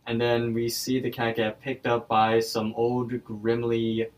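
A man's voice: medium pitch, monotone, unhurried, far from the mic, low-quality recording. A young man co-hosting a podcast, casually retelling a cartoon episode and often restarting his sentences. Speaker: podcast co-host. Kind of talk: casual episode recap chat.

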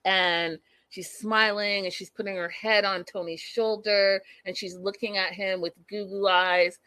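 A woman vlogger recapping a reality show in casual, animated, gossipy chat with dramatic asides. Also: medium pitch, a little slow, dry recording.

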